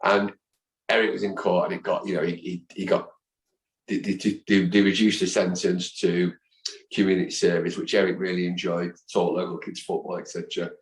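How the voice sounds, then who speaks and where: A man in his fifties, a guest in a casual interview, telling animated anecdotes and acting out the voices of people he quotes. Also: deep voice, a little fast. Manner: animated storyteller who acts out quoted voices. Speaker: guest, football fan. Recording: echoey room.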